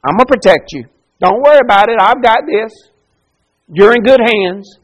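A male preacher voicing a brash, boastful adult apostle, loud and swaggering with a folksy drawl. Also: high-pitched, expressive, normal speed, dull audio, pitched above the performer's own voice.

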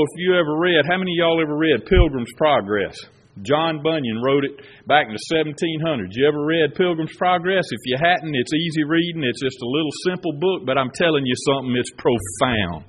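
Man, preacher, sermon, folksy storytelling, fairly high voice, faint background noise. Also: fairly bright tone, rough recording. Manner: folksy storytelling, gets worked up.

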